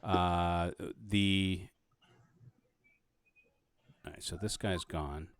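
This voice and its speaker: A man running a tabletop game as game master, casual and halting, with lots of fillers and restarts. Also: low voice, fairly even intonation, noisy background.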